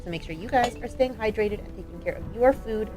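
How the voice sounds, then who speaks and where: A woman's voice: a little high, a little fast, over music. Chatty woman co-streaming a game. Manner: chatty, upbeat. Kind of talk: casual stream chat.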